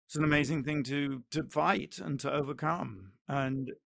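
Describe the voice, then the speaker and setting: Gravelly bright guy cracking jokes on a podcast. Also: a little high, moderate pace, dry recording, studio quality. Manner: wisecracking. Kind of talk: casual chat.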